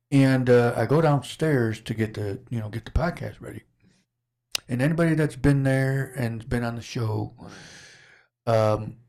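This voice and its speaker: Gravelly-voiced man hosting a podcast. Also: mid-range voice, a little mellow. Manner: rambling, laughs often, self-interrupting. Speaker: podcast host. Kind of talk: casual storytelling chat.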